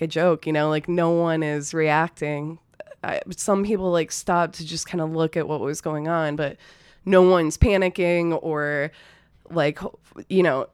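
A woman's voice: on the low side, clear, resonant tone, no echo, studio quality. A woman telling a personal story from her restaurant job in a loose, profane, casual way, full of fillers like "you know" and "like". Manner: loose and profane, many fillers, nervous laughs. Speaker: storyteller, former restaurant server. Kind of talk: casual spoken anecdote.

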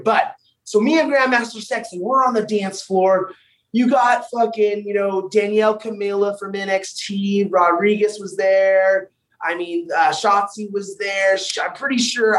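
A young man, a wrestler, telling wild road stories on a podcast in a loud, profane, animated way. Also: sits high, distant mic, low-quality recording. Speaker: wrestler guest. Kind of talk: casual podcast storytelling.

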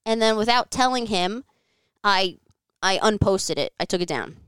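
A podcast guest, a woman speaking from her living room, shares a personal story frankly and casually, filling it with "like" and an occasional curse. Her medium-pitched voice has lively intonation and a fairly bright, clean tone at a moderate pace, and the recording is dry.

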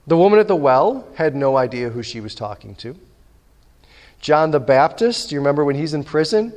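A man preaching in a lively storytelling way, acting out the lines of the people in his story. His voice sits a little high for a man. The sound rings with a long reverb, as in a large church. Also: brisk. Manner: animated storytelling, acting out dialogue. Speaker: pastor. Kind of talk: sermon.

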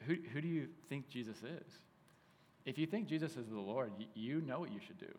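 A man in his thirties preaching a sermon in a casual, animated way, telling stories with lots of "like". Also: mid-range voice, a little fast, a little hiss or hum. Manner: casual, animated storytelling with frequent "like". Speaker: pastor. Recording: hall reverb.

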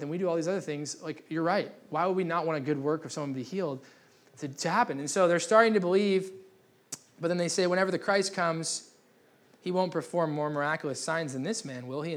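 Casual joking male preacher, slightly high. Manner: casual, joking, restarts often. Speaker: pastor. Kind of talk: sermon. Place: church gathering.

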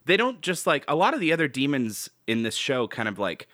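A man co-hosting a podcast, chatting casually and excitably about a cartoon, joking and trailing off mid-thought. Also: mid-range voice, a little fast, no echo, studio quality. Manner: excitable, jokey, trails off and restarts. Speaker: podcast co-host. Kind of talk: casual chat recapping a cartoon.

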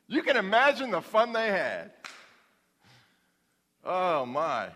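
A man's voice: high voice, huge pitch swings, slow, pushed and bright. A male pastor preaching a folksy, humorous sermon in a church. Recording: long hall reverb.

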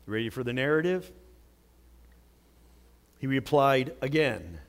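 A man preaching a sermon, telling a Bible story with dramatic swings from loud outbursts to hushed words. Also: high-pitched, lively intonation, normal speed. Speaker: pastor.

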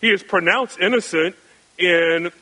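A male pastor preaching with a bright, forceful and fairly high voice. He builds his sermon on rhetorical questions and emphatic repetition, and his delivery swings between raised and hushed passages. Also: a little slow, rough recording. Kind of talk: expository sermon.

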